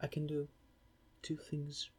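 Young man, intimate listener role-play; husky, unhurried delivery, playful, rambling, self-deprecating stammer. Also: a little high, completely flat delivery.

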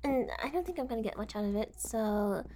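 A woman's voice: fairly high pitch, lively intonation, brisk, dark tone, close to an everyday voice. A young woman voicing a cheerful, unhinged kidnapper who giggles, teases and keeps reassuring her guest. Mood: teasing. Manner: giggly, teasing, falsely reassuring. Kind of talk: amateur audio role-play.

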